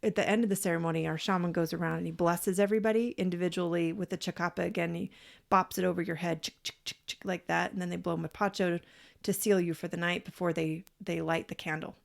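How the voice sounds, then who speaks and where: Creaky-voiced woman telling a story. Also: on the low side, fast. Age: parent, adult. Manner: animated, acts out quoted voices; frank, swears casually. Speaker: podcast co-host. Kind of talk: casual storytelling chat.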